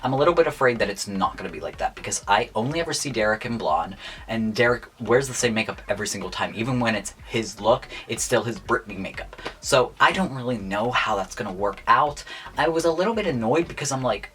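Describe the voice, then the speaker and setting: A man's voice: lowish voice, animated, fairly quick, bright, forceful tone, slight background noise. A young man in a casual vlog, chatting through his opinions on contestants' looks, gushing one moment and blunt the next. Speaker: YouTuber reviewing contestants' looks.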